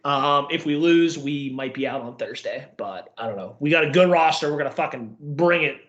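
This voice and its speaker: A man's voice: fairly high pitch, moderate pace, a bit bright, reverberant, lo-fi sound. A young man co-hosting a podcast, chatting casually and rambling with lots of fillers. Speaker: podcast co-host. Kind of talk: casual chat.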